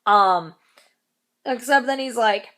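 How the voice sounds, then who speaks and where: A woman's voice: a little high, slow pace, a bit bright. A young woman telling a story in a casual vlog, rambling, swearing casually and laughing between lines. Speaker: vlogger.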